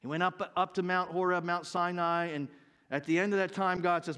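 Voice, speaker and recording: A man's voice: sits high, level tone, fairly quick, smooth. Earnest preacher in his fifties. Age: 50s. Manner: earnest, rises to loud emphatic bursts. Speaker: pastor. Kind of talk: sermon.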